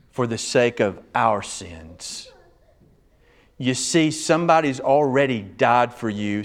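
A male preacher with a drawl delivers a sermon full of drama. He rises to loud, raised passages, then drops to near-hushed tones. His pitch sits in a middle range for a man. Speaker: pastor.

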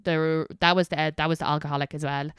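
A young woman with an Irish accent, hosting a podcast in a casual chat. Her voice is smooth and clear, and it is recorded close and dry. She tells lively stories, laughs easily and swears without a second thought. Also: low voice, quick pace, dry recording. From Ireland. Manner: lively storyteller, laughs often, swears freely. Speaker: podcast host.

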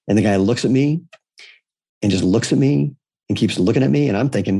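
A man's voice: medium pitch, fairly quick, creaky, pauses often, dark tone, husky, dry recording. A man talking casually as a podcast guest, blunt and irreverent, telling personal stories. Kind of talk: casual conversation.

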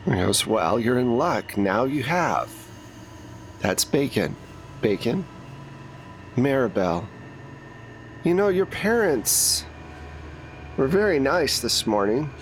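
A man voicing a menacing male interrogator from a government agency, calm and smug as he leans on his captive. His delivery is slow and deliberate, with plenty of easy condescension. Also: medium pitch, a little hiss or hum.

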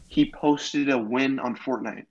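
A teenage boy guesting on a homemade podcast, telling stories in a loose, rambling way. His voice sits at an ordinary middle pitch. He keeps restarting sentences and laughing along as he talks. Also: measured pace, highs cut off. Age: teens. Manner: rambling storytelling, filler-heavy with restarts and laughs. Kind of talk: casual chat.

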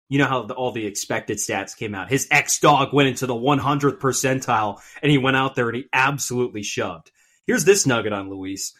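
A man's voice: mid-range voice, fairly bright tone. A man co-hosting a sports podcast, talking earnestly and rambling through points with restarts. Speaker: podcast co-host. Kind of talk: casual sports chat.

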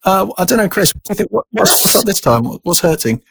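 Teasing, husky host. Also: mid-range voice, very animated, fast talker, a bit bright, no room sound. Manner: teasing, playful. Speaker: podcast host. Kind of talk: casual comedic chat.

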